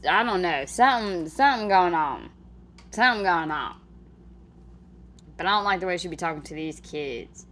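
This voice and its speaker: A woman's voice: lowish voice, animated, normal speed, long pauses, fairly bright tone, a little hiss or hum. A woman giving casual reaction commentary on a clip, blunt and heated, swearing freely.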